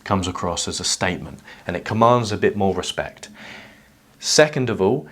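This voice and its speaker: A man calmly explaining social skills in a measured whiteboard lesson. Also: deep voice. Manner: calm, measured teaching delivery. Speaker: self-help educator.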